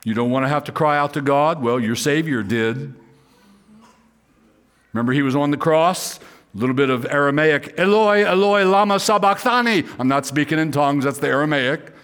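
A pastor delivers a sermon earnestly, often repeating words and rising to fervent pleas when he voices prayers. His medium-pitched voice keeps a steady tone at a moderate pace and sounds fairly bright.

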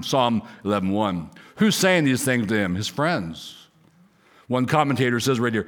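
A middle-aged man preaching a sermon to a congregation in a church, earnest and repetitive, dropping low for asides. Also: animated, moderate pace, a bit bright. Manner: earnest, repeats key words, drops low for asides. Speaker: pastor.

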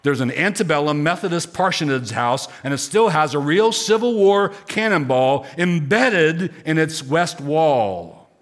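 A man's voice: on the high side, expressive, a little slow, hardly any pauses. A man pastor from Pennsylvania preaching a sermon with emphatic lists and rhetorical questions. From Pennsylvania, United States.

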